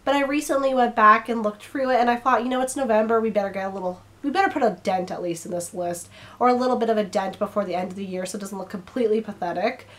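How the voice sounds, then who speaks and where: A woman's voice: mid-range voice, fast talker. A young woman chatting casually to camera as a book vlogger, her throat a little strained, rambling and now and then stumbling over her words.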